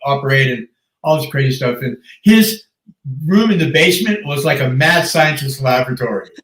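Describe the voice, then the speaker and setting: A man in his fifties, a podcast guest, telling stories in an animated casual way and laughing often. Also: medium pitch, normal speed, distant mic. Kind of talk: casual storytelling chat. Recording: roomy sound, off the mic.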